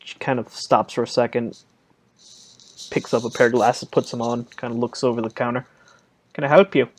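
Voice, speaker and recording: A man running a tabletop game as game master, narrating in a casual, halting way. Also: medium pitch, monotone, slight background noise.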